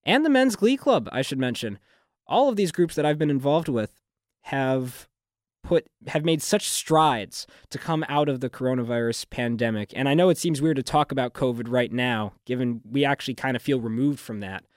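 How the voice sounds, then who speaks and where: A man's voice: mid-range voice, animated, moderate pace, dry recording, clean studio sound. A young man, a graduating student, talking fluently in a radio interview with a newsreader-like delivery. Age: young adult. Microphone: studio microphone.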